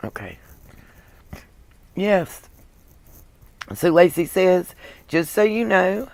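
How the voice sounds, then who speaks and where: A woman with a Southern US accent hosting a casual livestream, chatting warmly and thanking viewers by name. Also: medium pitch, slow, long pauses, no room sound. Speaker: livestream host reading viewer comments. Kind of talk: casual chat.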